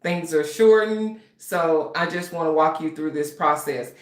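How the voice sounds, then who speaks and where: Speaking in a deep, unhurried voice in a reverberant space, this woman runs a livestream on her author channel. She's a writing coach and author, talking to viewers in a relaxed yet slightly nervous way.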